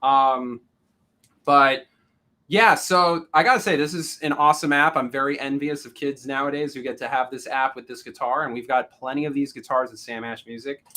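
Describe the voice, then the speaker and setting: A man's voice: medium pitch, fairly even intonation, normal speed, bright, forceful tone. A man hosting a casual guitar demo for a music store, joking and self-deprecating about having to sell the product.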